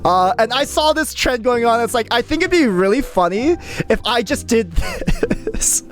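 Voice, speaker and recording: A young woman streamer in casual live-stream chat, rambling and animated, swearing often. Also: a little high, normal speed, faint music behind.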